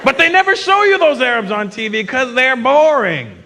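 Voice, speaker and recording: A man doing a stand-up comedy routine on a live stage, animated and slipping into mocking impressions. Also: extremely high pitch, normal speed. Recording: live show with loud audience and noise.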